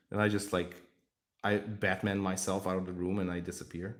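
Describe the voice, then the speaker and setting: A man's voice: low voice, little pitch movement, normal speed. A young man chatting casually on a live stream while painting miniatures, rambling, jokey and swearing freely.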